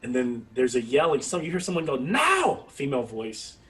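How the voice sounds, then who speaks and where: A man narrating as game master of a tabletop game, rambling and halting, acting out sound effects. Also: mid-range voice, darkish tone, faint music behind. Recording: voice somewhat far from the mic.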